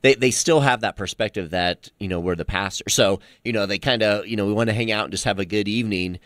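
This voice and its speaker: A man who hosts the podcast and is a pastor, speaking in an easygoing casual way, filling pauses with "you know". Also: on the low side, fairly bright tone, dry recording, clean studio sound. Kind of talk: casual conversation.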